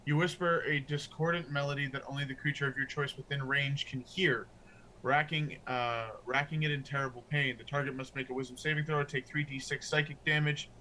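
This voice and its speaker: A man's voice: mid-range voice, fairly even intonation, fairly quick, pushed and bright, slight background noise. A man playing a tabletop role-playing game, chatty, with casual swearing and frequent restarts. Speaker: player.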